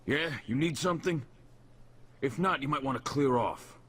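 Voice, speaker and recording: An actor playing a suspicious orc smuggler man in a video game, blunt and gruff. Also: mid-range voice, expressive, normal speed, a bit bright. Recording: game audio with music.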